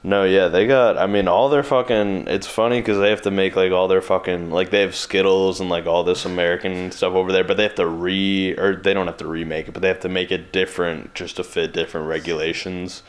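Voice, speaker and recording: A man's voice: low voice, level tone, a little fast, hardly any pauses. A man co-hosting a podcast in loose, joking conversation, laughing often. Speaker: podcast co-host. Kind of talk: casual chat.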